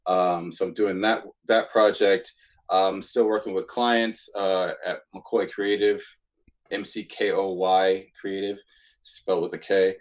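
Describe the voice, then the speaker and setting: A man with a fairly low voice chats as a podcast guest. He is relaxed and a little halting, filling pauses with "uh" and "um" as he goes. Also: rough recording. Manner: laid-back, hesitant, many "uh" and "um" fillers. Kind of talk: casual conversation.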